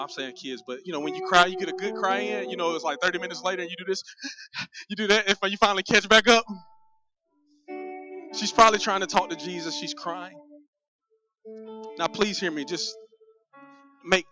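A man who is a pastor, preaching a sermon in an animated, conversational way. He speaks straight to the congregation and does comic voices for the people in his stories. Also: high-pitched. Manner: conversational, addresses the congregation directly. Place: church sanctuary. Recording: dull, muffled sound with faint music.

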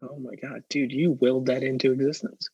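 A young man co-hosting a podcast, speaking softly in casual chat with low-key reactions. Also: level tone, brisk, breathy edge, dry recording, dull audio. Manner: soft, low-key reactions and laughing interjections. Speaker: podcast co-host.

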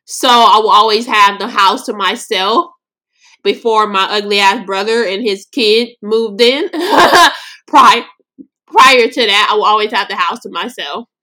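A woman's voice: medium pitch, unhurried, pushed and bright. A young woman from Los Angeles hosting a podcast, telling a personal story in a blunt, slangy, emotional way. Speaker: podcast host.

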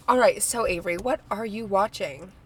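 A young woman co-hosting a casual podcast, giggly and self-deprecating, chatting in an animated way. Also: mid-range voice, normal speed, slight background noise. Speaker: podcast co-host. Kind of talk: casual chat.

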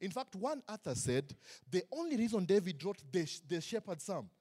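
Animated pastor preaching, fairly high voice. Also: male voice, moderate pace, husky. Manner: animated, joking, acts out quotes. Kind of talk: sermon. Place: church tent.

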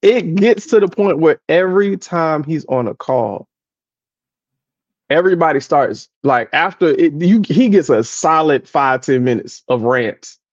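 Man, podcast co-host, animated storyteller, fairly high voice, dull dry recording. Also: a little slow, no echo. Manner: animated storytelling with impressions and laughter. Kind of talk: casual podcast chat.

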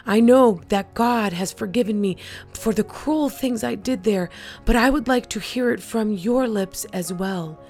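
Earnest old camp guard guy begging forgiveness, as a lady reads him, slow and gravelly. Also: medium pitch, darkish tone, faint music behind, close to an everyday voice. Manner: read aloud in a quoted story. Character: former male prison camp guard, earnest, asking forgiveness.

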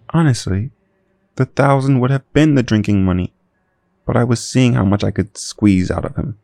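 A man narrating a noir audio drama in deadpan first person. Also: on the low side, moderate pace, dry recording, studio quality. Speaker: narrator and producer.

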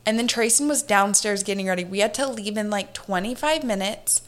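Young woman, podcast guest, animated casual storytelling, mid-pitched voice. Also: a little fast. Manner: animated, chatty, lots of "like".

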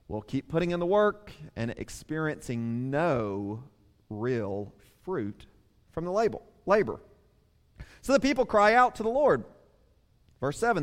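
A man preaching a sermon, telling the story in a lively way and speaking straight to the children in the congregation. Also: on the high side. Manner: animated storytelling, addresses children directly. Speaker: pastor. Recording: long reverb of a large hall.

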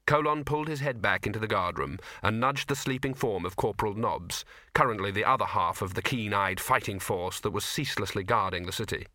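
A man narrating a comic fantasy audiobook with dry, expressive storytelling. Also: fairly low pitch, brisk, few pauses, dry recording. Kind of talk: scripted narration.

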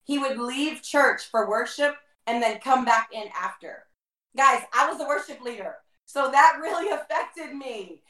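Animated woman telling a testimony, roomy echo. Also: sits high, measured pace. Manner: animated, acts out quoted dialogue. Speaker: guest, former worship leader. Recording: roomy echo, mic far off.

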